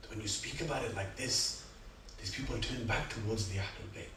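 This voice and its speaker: A man giving a sermon at a religious gathering, telling stories with dramatic rises and soft, quiet reflections. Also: lowish voice, a little fast. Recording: echoey hall, speaker far from mic, faint room noise.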